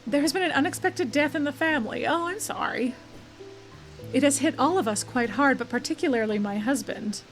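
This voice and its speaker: A woman's voice: high voice, brisk, faint music behind, lightly acted, poor audio. A woman voicing a game's polite, grieving female customer, read in a formal tone close to her own voice. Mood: solemn.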